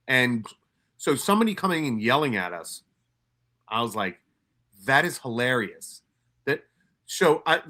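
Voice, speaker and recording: Guy from new york, bright forceful voice, swears a lot, keeps restarting, acts out what people said. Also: mid-range voice. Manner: profane, animated retelling with many restarts and quoted asides. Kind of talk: casual storytelling.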